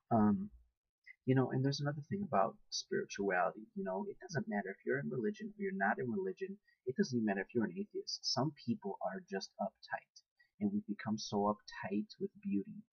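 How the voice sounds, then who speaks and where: A man's voice: mid-range voice, gravelly, darkish tone, husky, no room sound, highs cut off. A young man in a casual, blunt and profane monologue to camera who laughs often. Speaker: vlogger.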